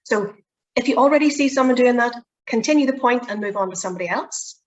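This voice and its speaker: A woman's voice: on the high side, fast, highs cut off. A woman presentation skills trainer leading a workshop, chatty and encouraging with polite requests. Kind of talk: workshop teaching.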